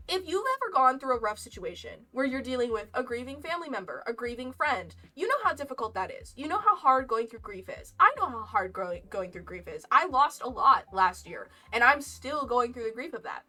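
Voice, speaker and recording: A woman's voice: sits high, pushed and bright, distant mic. A young woman streamer telling a casual story, chatty and rambling with frequent laughs. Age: young adult. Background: lo-fi game music.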